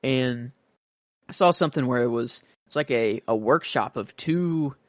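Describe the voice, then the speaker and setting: A man co-hosts a podcast and chats in a loose, rambling way, often restarting his sentences. His voice sits at an ordinary middle pitch. It is recorded close and dry, with no room sound around it. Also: unhurried, no echo. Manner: rambling, many restarts and fillers. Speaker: podcast co-host. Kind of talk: casual chat.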